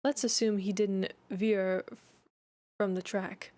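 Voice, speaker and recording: Brief: woman reading a composed man in charge, slow, dry close mic. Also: high voice, level tone, a little mellow, no echo. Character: calm, steady Englishman taking charge.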